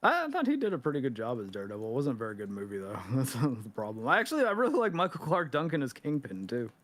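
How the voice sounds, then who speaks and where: A man talking in a casual movie review chat as a guest, explaining things matter-of-factly with quick asides. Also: mid-range voice, huge pitch swings, fairly bright tone, no room sound.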